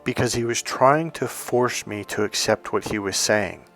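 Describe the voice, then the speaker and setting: A man's voice: lowish voice, moderate pace, fairly bright tone, faint music behind. A middle-aged man from California, a relationship coach, telling his own stories to camera in a candid, profane way. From California, USA. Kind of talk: casual storytelling to camera.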